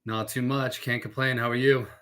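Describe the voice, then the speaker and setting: A young man from the Boston area, a guest on a podcast, talking in a relaxed, laid-back way with plenty of "you know"s. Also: mid-range voice, moderate pace. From Boston area, USA. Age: young adult. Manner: relaxed, laid-back, uses many fillers. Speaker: insurance agent, podcast guest. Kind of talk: casual interview conversation.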